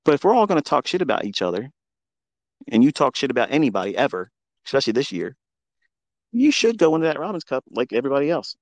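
A man's voice: mid-range voice, very animated, quick pace, dry recording. Combative swearing man, dry sound. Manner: combative, taunting, heavy swearing. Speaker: trading educator hosting a live audio room. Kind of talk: profane ranting monologue. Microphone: remote audio call.

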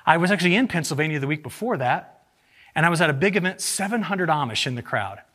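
A man presents weather forecasts to farmers in an animated, joking conference talk. His voice sits somewhat high and has a husky edge. He keeps the audience engaged with quick rhetorical questions. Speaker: agricultural meteorologist presenting to farmers.

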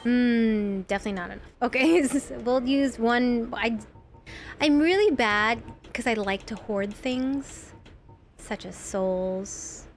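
Slow, giggly young woman streamer. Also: a little high, faint music behind. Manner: giggly, rambling, reads chat aloud. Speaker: game streamer. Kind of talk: casual live-stream chat while gaming.

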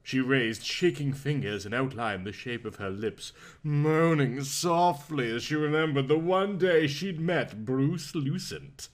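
A man's voice: medium pitch, a little slow, hardly any pauses, soft background music. A man reading a comic parody story aloud in a melodramatic, mock-passionate narration.

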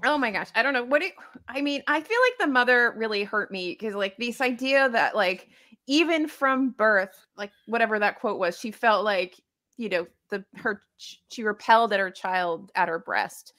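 A woman's voice: fairly high pitch, moderate pace, pushed and bright. A woman hosting a casual live book club podcast, talking through her thoughts in a rambling way with frequent restarts.

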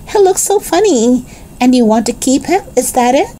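A woman's voice: medium pitch, very animated, normal speed, mellow, a little hiss or hum, pitched above the performer's own voice, lightly acted. A woman voicing a kind, cheerful young lady who speaks with amusement, in a storybook read-aloud. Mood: amused kind. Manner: laughing, friendly.

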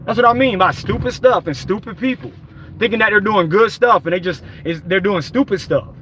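A man's voice: high-pitched, a little fast, a bit bright, slight background noise. A man giving an angry, profane, rambling rant while driving, recorded on a phone in his car. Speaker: vlogger. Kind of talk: ranting vlog while driving.

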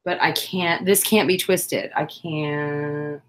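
A woman's voice: deep voice, fairly even intonation, slow pace, slight background noise. A woman hosting a casual crafting livestream who chats with viewers, counts stitches aloud and jokes about her own mistakes. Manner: self-deprecating, chatty, counts stitches aloud.

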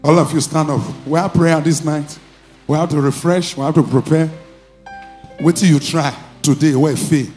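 A male pastor with a Nigerian accent preaching and leading deliverance prayer in a church, commanding and repeating short phrases, sometimes breaking into shouts. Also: a little high, fairly even intonation, normal speed, faint music behind.

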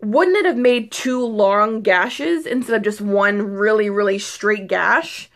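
A young woman beauty vlogger chatting casually to camera, excitable and rambling, full of fillers and restarts. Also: medium pitch, slow. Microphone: phone or camera mic.

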